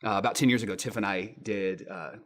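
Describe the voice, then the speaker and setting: A man in his thirties, a pastor giving a sermon with lively storytelling, acting out quotes in raised voices. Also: lowish voice, a little fast.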